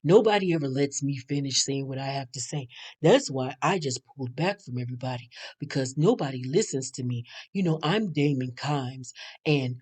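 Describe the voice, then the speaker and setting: A woman putting on the voice of a soft-spoken, aggrieved man who talks slowly in a low murmur. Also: animated. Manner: slow, wounded, self-pitying.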